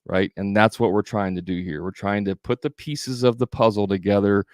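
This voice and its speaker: A man's voice: fairly low pitch, fairly even intonation, moderate pace, no room sound, clean studio sound. A man giving a live sales training as coach, talking conversationally with fillers and restarts.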